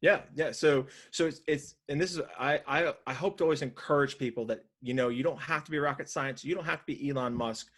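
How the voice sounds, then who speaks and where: A man in his thirties from Northern Virginia speaks as a podcast guest. His pitch sits in the middle range. He tells a story in a casual, animated way, jumping back into half-finished sentences and acting out quotes. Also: fairly quick, few pauses. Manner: animated, many restarts and acted-out quotes. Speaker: podcast guest, side hustle coach.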